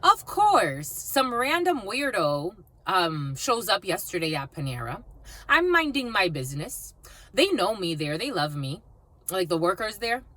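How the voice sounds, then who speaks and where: A woman's voice: medium pitch, big pitch swings, unhurried, sharp tone. A woman reading cards for her viewers, telling a story in a blunt, profane, casual way. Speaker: psychic card reader.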